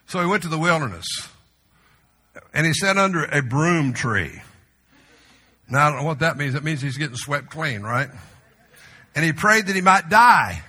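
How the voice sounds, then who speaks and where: A male pastor preaching a sermon in a church, conversational with humorous asides, sometimes dropping to a soft, slow voice. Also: fairly high pitch, very animated, slightly rough. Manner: drops to a soft, slow voice for tender moments. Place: church sanctuary. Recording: long reverb of a large hall.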